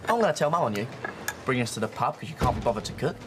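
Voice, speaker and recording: A man's voice: mid-range voice, rapid-fire, over music, close to an everyday voice. An actor playing a cheeky young man who needles his brother and wheedles his father. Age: young adult. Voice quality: lively, needling. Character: cheeky, mocking younger son.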